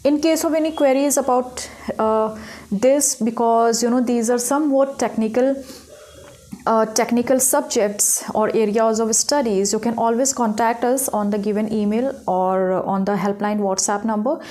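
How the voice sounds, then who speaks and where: A woman's voice: a little high, steady tone, normal speed, dark tone. A young woman giving a recorded literature lecture, explaining step by step and checking in with "okay?" and "right?". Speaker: English literature teacher.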